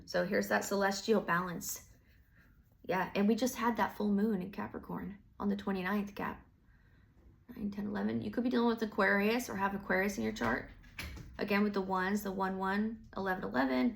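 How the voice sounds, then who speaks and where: A woman reads tarot in a loose, chatty monologue. Her voice sits at an average height with a gravelly, creaky edge. She rambles, restarts, and drops casual swears as she goes. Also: medium pitch, fairly even intonation, a little fast. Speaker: tarot reader.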